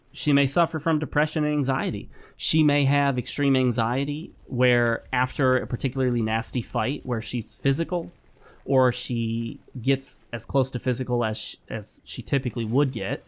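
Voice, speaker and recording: Male gaming host, mid-range voice, lecturing and repetitive commentary over live play. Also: medium pitch. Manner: lecturing, repetitive, talks while playing. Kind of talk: casual gameplay commentary.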